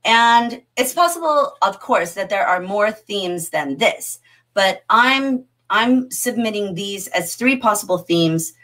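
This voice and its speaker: A middle-aged woman teaching a livestreamed literature class, animated and often laughing as she answers the chat. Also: medium pitch, slow pace.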